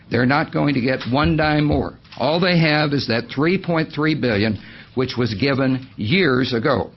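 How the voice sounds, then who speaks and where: A man's voice: medium pitch, lo-fi sound. Emphatic man testifying at a meeting. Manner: emphatic, repeats key points. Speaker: public commenter at county meeting. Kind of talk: public testimony. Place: public meeting room.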